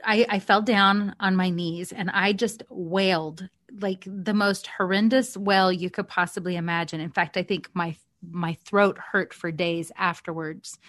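A woman's voice: lowish voice, fairly even intonation, measured pace, a bit bright, no room sound. A woman co-hosting a faith podcast, telling a personal story in an earnest, heartfelt way with small restarts, on a podcast mic. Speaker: podcast co-host.

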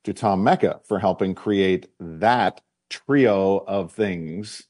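A man with a lowish voice hosting a sports talk show, speaking at a measured, reflective pace. The sound is dry and close. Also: a little mellow, no room sound. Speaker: co-host. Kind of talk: casual sports chat.

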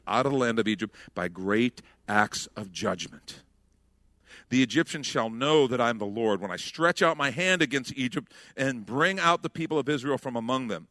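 A man preaching a sermon as a pastor, reading scripture and acting out the people in the story in an animated way. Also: a little high, dry recording, clean studio sound. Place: church.

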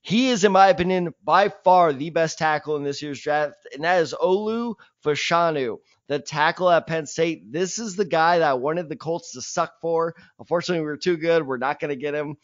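A young man co-hosting a casual sports podcast, animated and opinionated with mock-dramatic rants, on a dull lo-fi mic. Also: a little high, normal speed, hardly any pauses.

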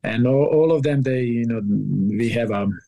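A man with a mid-range voice answers interview questions as a coffee expert. He explains things carefully and haltingly, stepping back to lay out the basics before going on. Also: mid-range voice, warm tone, poor audio.

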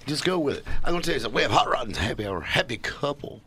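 A man's voice: medium pitch, big pitch swings, rapid-fire, bright, forceful tone, husky. Folksy man hosting car radio. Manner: rambling, folksy, lots of "you know". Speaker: radio show host. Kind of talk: casual car talk show banter.

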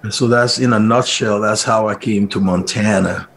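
Gravelly-voiced man telling his story. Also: lowish voice, normal speed, slight background noise. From Liberia. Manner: animated, acts out quoted speech in a raised voice. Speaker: interview guest. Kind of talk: personal storytelling.

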